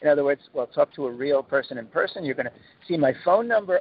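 A fairly high-voiced man talks through a thin, phone-like line, giving an informal spiritual talk. He rambles with many fillers and restarts, then springs into dramatic impressions of the people he quotes. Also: fast, slightly rough. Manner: animated, acts out quoted people with dramatic flair. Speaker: support mentor giving a talk.

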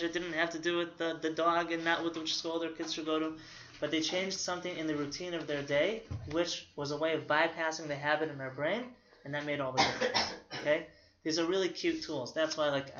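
A male therapist gives an informal recovery lecture from slides, asking "okay?" after nearly every point and drawing on personal examples. His voice is on the high side with a sharp tone, with slight background noise. The audio is roomy, dull, and lo-fi.

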